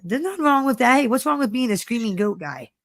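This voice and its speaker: A woman co-hosts a casual chat, telling energetic stories and swearing freely. Her voice is fairly high and she talks fast. The studio-quality recording has no room sound.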